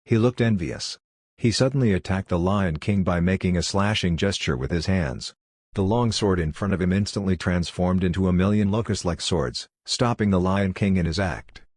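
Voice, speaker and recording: A man reading a fantasy audiobook as narrator in a steady, even storytelling delivery. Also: low-pitched, normal speed, no room sound, studio quality. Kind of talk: scripted narration.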